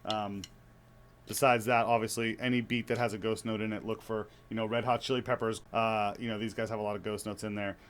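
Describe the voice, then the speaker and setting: A man who is a father of young children, teaching drums in a relaxed, chatty way with many fillers and restarts. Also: lowish voice, a little fast, a little hiss or hum. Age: young adult to middle-aged, father of young kids. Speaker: drum teacher. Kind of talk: casual spoken drum lesson.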